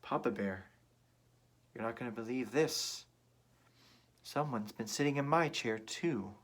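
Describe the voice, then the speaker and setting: A man's voice: mid-range voice, unhurried, lightly acted. A man voicing a chatty, fretful mother bear in a storybook reading, in close to his own voice. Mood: disbelieving.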